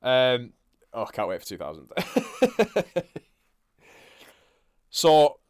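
A man's voice: mid-range voice, huge pitch swings, very slow, smooth. A man co-hosting a podcast, recapping a wrestling match in casual chat, laid-back and swearing freely. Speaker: podcast co-host.

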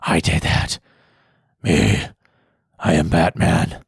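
A man's voice: a bass voice, lively intonation, slow pace, no room sound, clean studio sound, pitched below the performer's own voice, exaggerated voice. A man putting on a mocking whispered impression of an elderly male president who brags. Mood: mocking boast. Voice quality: breathy whisper.

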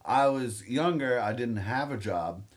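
A man's voice: medium pitch, lively intonation, unhurried, a loud crowd. A young man co-hosting a podcast, telling a profane, rambling story in a casual chat. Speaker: podcast co-host.

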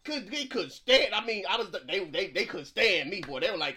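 Bright, animated man hosting a faith podcast. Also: sits high, normal speed, slight background noise. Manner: animated storyteller, lively laughs, encouraging affirmations. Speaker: podcast host. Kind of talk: casual chat.

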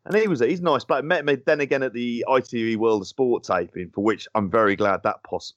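A man's voice: mid-range voice, a little fast, no echo, lo-fi sound. A man, chatting as a podcast co-host, rambling and swearing through his banter. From London. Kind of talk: casual chat.

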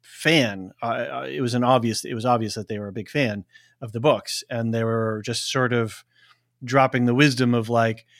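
A man's voice: mid-range voice, steady tone, moderate pace, dry recording, studio quality. A man co-hosting a casual podcast chat, talking in a rambling way with many restarts. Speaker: podcast co-host.

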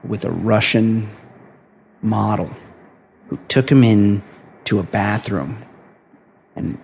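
A man co-hosting a casual podcast, reading listener emails and chatting with a halting, laughing manner. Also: on the low side, vocal fry, darkish tone, a little hiss or hum. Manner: rambling, laughs often, halting restarts. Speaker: podcast co-host.

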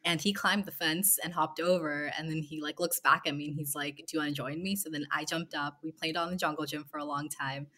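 A woman in her twenties with a low, grounded voice tells a dating story in a relaxed, chatty way. She fills it with "like" and "um" and acts out little bits of dialogue. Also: a little fast, hardly any pauses. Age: 20s. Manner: chatty, many fillers and quoted dialogue. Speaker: guest telling a dating story. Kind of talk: casual storytelling.

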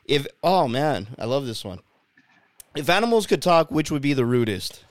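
Casting: male podcast host, playful and giggly, smooth clear voice, dry close sound. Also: mid-range voice, very animated, moderate pace, no echo. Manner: playful, laughs often, swears casually. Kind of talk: casual chat.

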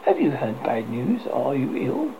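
A man's voice: mid-range voice, wildly swooping pitch, unhurried. A man reading aloud, voicing an anxious, dignified French noblewoman who speaks timidly and solemnly. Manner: timid, then solemn and pleading. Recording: slightly dull, faint hiss.

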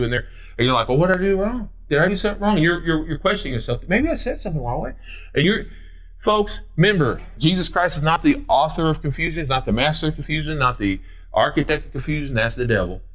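A male pastor preaching a sermon. He reads scripture slowly and then explains it in plain, everyday talk. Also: medium pitch, a bit bright. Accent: Midwestern American.

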